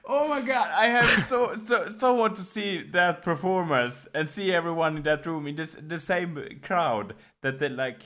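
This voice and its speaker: A man's voice: fairly high pitch, a little slow, few pauses, fairly bright tone. A man in casual chat who laughs often and is easily amused.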